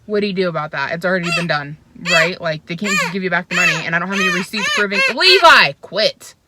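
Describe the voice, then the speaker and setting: A woman's voice: on the low side, fairly even intonation, very fast, very noisy. Young woman vlogger, casual phone-recorded rant, chatty and frustrated. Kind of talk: casual vlog chat.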